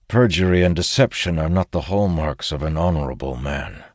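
A man's voice: a bass voice, moderate pace, dry recording, clean studio sound. A man reading an audiobook, voicing a stern male ranger speaking firmly.

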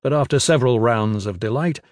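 A man narrating a fantasy novel in a measured, even storytelling manner into a close studio mic. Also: medium pitch, no echo. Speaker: audiobook narrator.

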